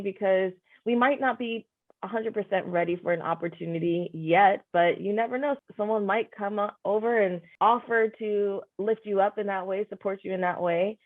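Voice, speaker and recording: A woman hosting a podcast interview, reflective and affirming, often saying "you know". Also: medium pitch. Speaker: podcast host. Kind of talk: conversational interview. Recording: phone-like narrow sound.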